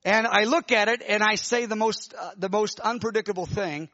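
High-voiced preacher telling a vision. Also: male voice, normal speed, no room sound, muffled recording. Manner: animated, emotional storytelling with many restarts. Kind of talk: sermon testimony, telling a vision.

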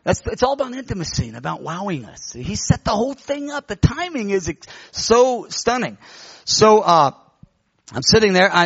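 A middle-aged man preaches, spinning a story with lively, acted-out voices. His voice sits a little high, and the sound is dry and close. The recording is dull and lo-fi. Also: no room sound. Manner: animated, acts out quoted voices. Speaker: pastor. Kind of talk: storytelling sermon.

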